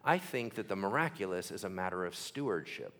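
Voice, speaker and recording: A man's voice: low voice, very animated, fairly quick, fairly bright tone. A man preaching a sermon, telling the stories animatedly with sound effects and acted-out quotes.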